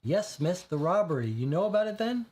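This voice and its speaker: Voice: mid-range voice, sing-song, brisk, a little mellow, lightly acted. A reader voicing a young, earnest detective who questions people politely. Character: polite street-smart boy detective, eager.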